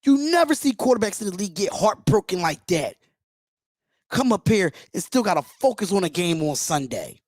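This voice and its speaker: A man's voice: high voice, very animated, normal speed, dry recording, studio quality. Impassioned man hosting a fan livestream. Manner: impassioned, blunt, swears freely. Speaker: livestream host. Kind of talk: emotional fan reaction livestream.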